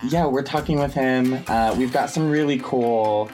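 A man's voice: mid-range voice, a little slow, darkish tone, soft background music. A man co-hosting a podcast in casual, playful chat, laughing often and gushing about his guest. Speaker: podcast co-host.

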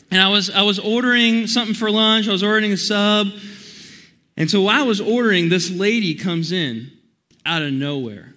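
This is a young man preaching to students at a church youth service. His voice sits high and rings brightly. He is energetic and chatty, and he often restarts his sentences as he tells his stories. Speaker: youth pastor. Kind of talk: youth sermon with storytelling.

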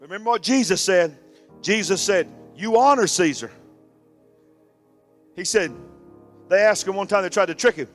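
Man, pastor, very high voice, shouting sermon, soft music behind. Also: fairly quick. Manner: fiery preaching, shouting and dropping low.

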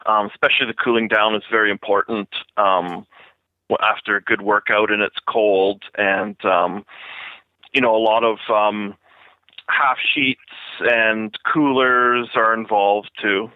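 A man from Canada speaks as a listener guest on a podcast roundtable, measured and full of ums. His voice sits fairly low. He comes through a tinny, dry phone line. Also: fairly even intonation, dry recording. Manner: measured, many ums, unhurried. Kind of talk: casual roundtable chat.

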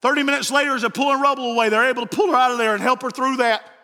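A man delivers a sermon in a high, ringing voice that carries a sharp brightness. He tells stories and repeats phrases as he builds toward impassioned preaching. The sound rings out through a large, reverberant church hall. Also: steady tone, rapid-fire. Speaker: pastor. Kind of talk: evening sermon storytelling.

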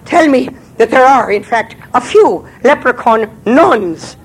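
A man doing a shrill, gloating leprechaun. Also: lively intonation, unhurried, slightly rough, heavily acted. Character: excitable, quarrelsome male leprechaun.

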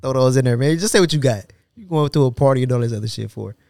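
A man's voice: medium pitch, quick pace, gravelly, no room sound. Brief: male podcast co-host, playful, slangy banter, dry close-mic sound. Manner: joking, animated, slangy. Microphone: studio podcast mic.

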